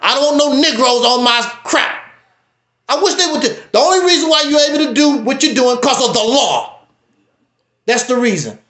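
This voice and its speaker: Guy ranting on his stream, real high bright voice, echoey room. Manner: preachy, emphatic, wide swings in pitch. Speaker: livestream host. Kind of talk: casual commentary.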